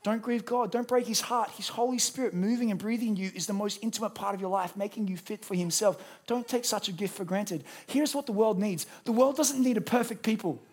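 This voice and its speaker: A man's voice: high-pitched, fairly quick, few pauses, husky. A man preaching a sermon as pastor, acting out little dialogues as he goes.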